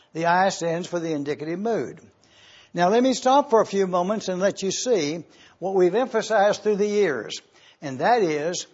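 A man preaching an expository sermon as pastor, speaking slowly and deliberately and spelling out Greek words letter by letter. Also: high-pitched, a little mellow, slightly rough, highs cut off.

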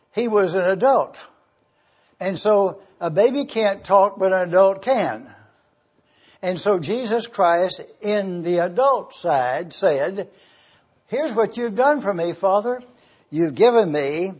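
Male preacher, high husky voice, measured delivery, muffled lo-fi recording. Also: darkish tone. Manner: deliberate, spells out Greek words letter by letter. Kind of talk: slow expository sermon. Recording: dull lo-fi church recording.

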